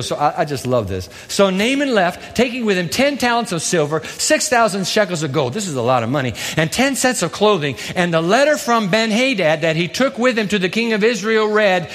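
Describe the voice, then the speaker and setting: Male pastor, theatrical sermon delivery, lively high voice, long hall reverb. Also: fairly quick, hardly any pauses. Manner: animated, theatrical storytelling.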